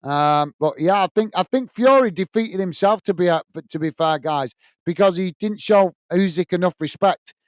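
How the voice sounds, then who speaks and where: High, smooth-voiced man hosting. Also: normal speed, no room sound. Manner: chatty, reads viewer comments aloud and answers them; blunt and opinionated. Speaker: host. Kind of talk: live football watch-along chat.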